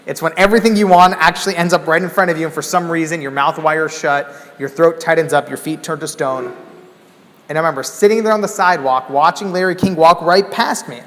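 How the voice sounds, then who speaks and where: A man giving a keynote talk, telling a story with lively, acted-out exclamations. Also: a little high, in a large hall. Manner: animated, acts out scenes with loud exclamations. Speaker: keynote speaker. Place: large hall.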